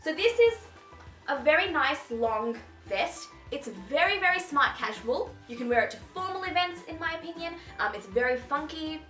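A high, bright young woman gushes through a casual fashion haul in a bubbly, chatty way. Her voice rings in an echoey room, with faint music playing underneath. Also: lively intonation, normal speed. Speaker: fashion vlogger.

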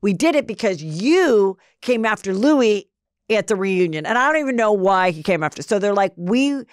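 A woman's voice: animated, normal speed, no room sound, clean studio sound. A woman hosting a casual gossip podcast, telling stories and acting out quotes. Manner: chatty storyteller, acts out quotes in higher voices. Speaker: podcast host.

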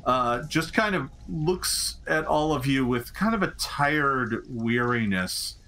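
A man's voice: medium pitch, lively intonation, slow, pushed and bright, a little hiss or hum. A man narrating as game master of a tabletop game, rambling with many fillers and restarts.

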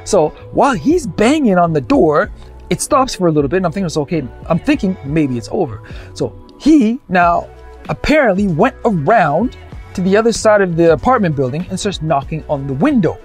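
Young Canadian man, comic monologue, lively sing-song delivery, faint music behind. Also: sits high, moderate pace. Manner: animated, acts out the people in his stories. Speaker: storyteller.

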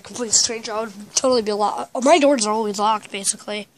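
A woman's voice: mid-range voice, fast, few pauses. A woman chatting casually in a vlog, rambling and talking with a stuffy, congested nose from a cold. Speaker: vlogger.

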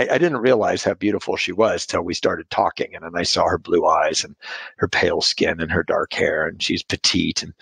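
A man's voice: low voice, gravelly, slightly rough, no echo. A man telling his sobriety story in a rambling, self-deprecating way, laughing at his own jokes. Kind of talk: casual storytelling.

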